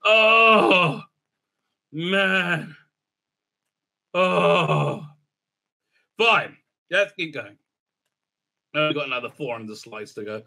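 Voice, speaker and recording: A man's voice: a little high, expressive, very slow, gravelly, pauses often, sharp tone. A man reviewing a TV episode in a casual, rambling recap, mocking and sarcastic about what he watched. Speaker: show reviewer.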